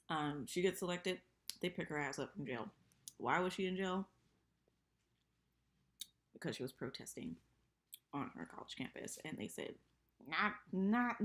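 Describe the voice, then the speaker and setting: Gravelly, animated woman recapping a TV episode. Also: low-pitched. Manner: chatty, profane, animated. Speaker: TV recap vlogger.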